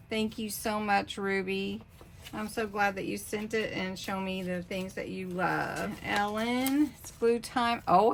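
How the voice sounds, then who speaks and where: A woman hosting a craft channel, casually opening mailed craft cards and thanking senders with warm, gushing praise. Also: mid-range voice, gravelly, a little hiss or hum.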